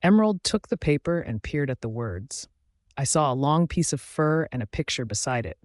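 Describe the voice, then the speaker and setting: A man narrating a first-person audiobook in a steady, even reading voice. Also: medium pitch, normal speed, no echo, clean studio sound.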